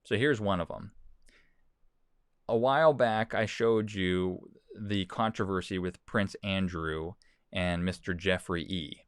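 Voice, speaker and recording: A man's voice: low-pitched, clear, resonant tone, no room sound, clean studio sound. A man hosting a talk show, giving casual commentary and reading quotes aloud, often repeating words. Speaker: host. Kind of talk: commentary on news and social posts.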